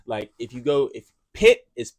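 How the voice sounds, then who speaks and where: A young man from Pittsburgh with a Pittsburgh accent, a college football player chatting casually as a podcast guest, quick and animated with lots of restarts. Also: mid-range voice, dry recording. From Pittsburgh, Pennsylvania. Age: young adult. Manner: fast, animated, with many restarts. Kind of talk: casual chat.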